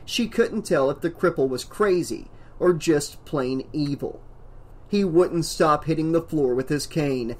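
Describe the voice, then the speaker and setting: A man narrates a horror novel in a scripted audiobook read. His voice sits on the high side, and he leans hard into the dramatic beats. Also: measured pace.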